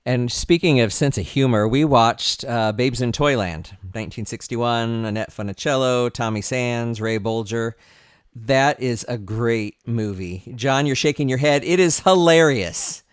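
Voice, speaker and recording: Male co-host, smooth clear voice, dry close sound, eager and reminiscing. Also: mid-range voice, a little slow, dry recording. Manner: enthusiastic, reminiscing. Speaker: podcast co-host. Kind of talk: casual chat about holiday films.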